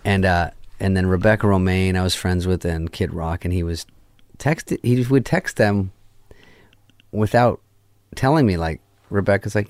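A middle-aged man with a deep, low voice tells a story as a guest in a casual chat. He swears freely and acts out what each person in it said. His voice is close and dry, with no room around it. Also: normal speed, no room sound. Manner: profane, animated, acts out quoted lines.

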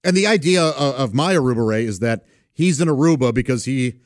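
A man's voice: mid-range voice, lively intonation, a little fast, dry recording, clean studio sound. A man hosting a podcast in a casual monologue, chatty and rambling, laughing at his own stories. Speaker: podcast host.

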